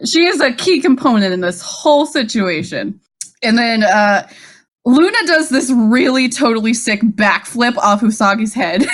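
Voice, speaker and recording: A woman's voice: fairly high pitch, lively intonation, unhurried. A woman co-hosting a casual podcast, recapping an episode with frequent laughs and swearing. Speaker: podcast co-host. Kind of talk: casual rewatch chat.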